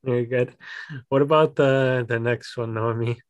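A woman's voice: very deep voice, fairly even intonation, normal speed, dry recording, muffled recording. A woman English teacher hosting a casual chat about sayings, asking questions and laughing often. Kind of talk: casual conversational lesson.

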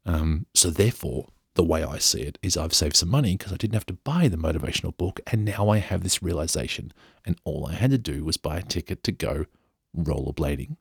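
A man's voice: low voice, animated, a little fast, creaky, breathy edge, dry recording, studio quality. An English man hosting a podcast, reading a news story aloud with chatty, joking asides. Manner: chatty, playful, jokey. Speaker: podcast host.

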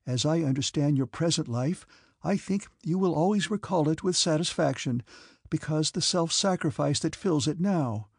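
A man voicing a gentle, sorrowful young noblewoman who pleads with a trembling voice. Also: on the high side, moderate pace, vocal fry, breathy edge, dry recording, clean studio sound, pitched above the performer's own voice. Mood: earnest.

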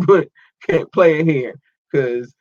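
A man hosting his own show in a loose, slangy, chatty way, rattling through listener shout-outs. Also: on the high side, animated, extremely slow, no room sound. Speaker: podcast host. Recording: dull lo-fi dry sound.

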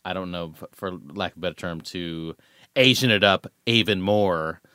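A man with a low, smooth, resonant voice interviews a guest, feeling his way through questions with pauses and fillers. The sound is dry and close, with no echo. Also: bright, forceful tone. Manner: thoughtful, hesitant questions with agreeing backchannels. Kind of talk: casual interview chat.

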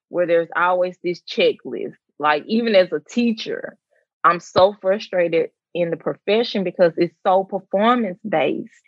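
Woman, teacher and mom, reflective faith talk, lowish voice, close and dry. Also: no room sound, muffled recording. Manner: earnest, reflective, quotes others in lively voices. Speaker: mother of twins. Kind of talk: faith conversation, personal sharing.

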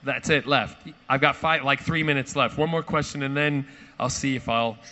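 Man, lively anecdote teller, theatrical quoted voices, bright, dull recording. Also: medium pitch, moderate pace, a little hiss or hum. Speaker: actor at a fan panel. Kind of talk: animated anecdote to a live audience.

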